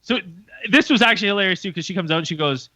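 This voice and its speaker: A man's voice: high-pitched, very fast, lo-fi sound. A man co-hosting a podcast, telling a story casually, swearing freely and acting out what people said. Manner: swearing, animated retelling with acted quotes. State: hungover. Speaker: podcast co-host. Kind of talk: casual storytelling among friends.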